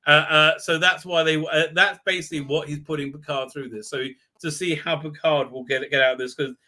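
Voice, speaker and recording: A man hosting a live stream, talking loosely and irreverently through a recap. His voice is sharp and bright and sits a bit high. He fills every pause with ums and uhs. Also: fairly even intonation. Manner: rambling, filler-heavy, irreverent. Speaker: show host.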